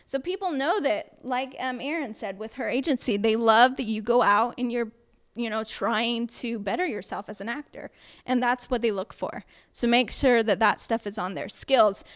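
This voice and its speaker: A woman with a slightly high voice lecturing at an acting workshop. She talks chattily and emphatically, with lots of fillers and quick check-ins with her listeners.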